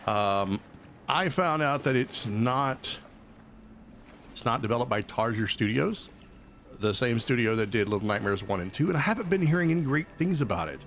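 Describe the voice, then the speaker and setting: Lively rambling man streaming a game. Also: medium pitch, moderate pace, slight background noise. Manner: chatty, rambling, jokey. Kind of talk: casual gameplay commentary.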